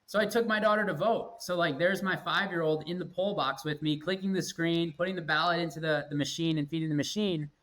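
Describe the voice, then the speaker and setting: A man's voice: fairly high pitch, fairly quick, few pauses, fairly bright tone, rough recording. A man in his thirties, a guest in a casual interview, talking earnestly and with energy, often repeating himself for emphasis. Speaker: guest, company executive.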